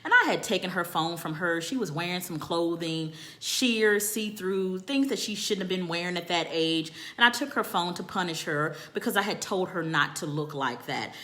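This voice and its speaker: A woman tells a personal story straight to the listener in a bright, ringing voice. She is animated and profane and repeats phrases for emphasis. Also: on the low side, normal speed, hardly any pauses. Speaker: storytelling vlogger.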